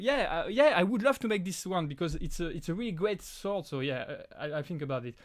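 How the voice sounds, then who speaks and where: A man from France with a French accent, whose first language is French, hosting a casual live Q&A and talking in halting bursts full of restarts. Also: high voice, animated. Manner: halting, frequent restarts and fillers. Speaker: live stream host.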